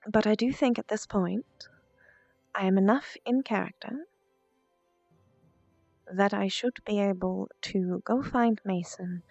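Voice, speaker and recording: A woman streamer chatting casually with her viewers, stuttering and muttering, with soft asides dropped under her breath. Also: medium pitch, measured pace, gravelly, pauses often, dry recording. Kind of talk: casual chat with stream viewers during VR role-play. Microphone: VR headset mic. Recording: dull lo-fi stream audio, faint music.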